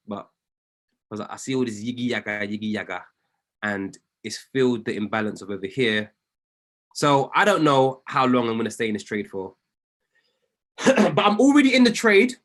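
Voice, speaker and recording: Man, trading coach, casual screen commentary, animated swinging pitch, excitable, quick to correct himself. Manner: excitable, self-correcting, apologizes often. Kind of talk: casual commentary while reviewing trades on screen.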